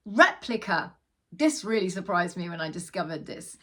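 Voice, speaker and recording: A woman teaching an online lesson, chatting casually and slowly drawing out example words for the viewer to repeat. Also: mid-range voice, expressive, fairly bright tone.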